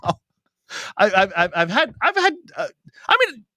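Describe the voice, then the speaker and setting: A comedian co-host with a high, bright voice that swings up and down constantly. He swears and laughs his way through casual stories in a dry, close sound. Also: moderate pace, no room sound. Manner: swearing, laughing, animated storytelling. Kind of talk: casual banter.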